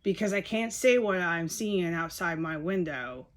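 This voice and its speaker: A woman's voice: lowish voice, expressive, measured pace. A woman giving a rambling, frustrated video monologue, repeating herself and swearing often. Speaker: video blogger.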